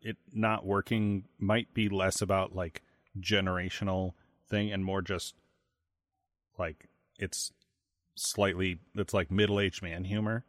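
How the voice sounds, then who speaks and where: A man with a low voice co-hosting a podcast in casual chat. He talks in an easygoing, storytelling way. The recording is dry and close. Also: level tone, slow pace, dry recording. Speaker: podcast co-host.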